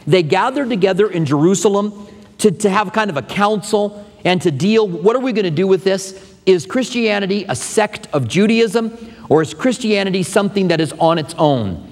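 A man's voice: sits high, lively intonation, normal speed, darkish tone, big-room sound. A male pastor teaching an expository sermon in a conversational way, with asides to his congregation, in a church sanctuary.

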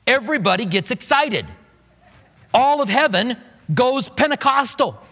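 A man with a high voice preaches with lively energy, slipping into acted-out quotes and jokes. His voice carries a long reverb, like a large church sanctuary. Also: a little slow, a little hiss or hum. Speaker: pastor. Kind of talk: sermon.

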